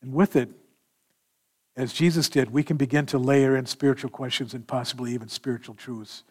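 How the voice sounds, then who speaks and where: A man preaching a sermon in an animated manner, acting out scripture dialogue as he explains verses. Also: medium pitch, brisk. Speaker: pastor.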